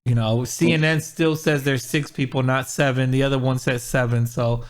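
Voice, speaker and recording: A man's voice: mid-range voice, normal speed. A man hosting a casual podcast chat, talking animatedly and acting out what other people said. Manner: animated, quotes people in raised voice. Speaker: podcast host.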